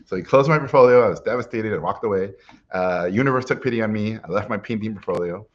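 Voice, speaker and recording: A middle-aged man telling a personal story in a lively way, acting out what people said to him, with frequent "uh"s. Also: on the low side, fast, highs cut off. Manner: lively anecdotal, acts out quotes, frequent "uh". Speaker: animation guest speaker.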